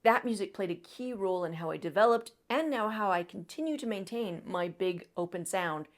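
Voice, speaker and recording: A woman's voice: medium pitch, moderate pace. Woman coaching trumpet technique. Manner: encouraging, demonstrative, coaching with breath cues. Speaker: trumpet teacher. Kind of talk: instructional video talk.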